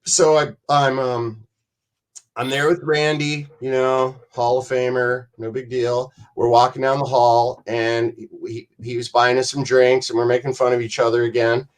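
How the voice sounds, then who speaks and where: A male podcast guest with a mid-range voice and flat, unhurried delivery tells rambling, profane backstage stories. His storytelling is animated as he acts out the lines of the other people involved.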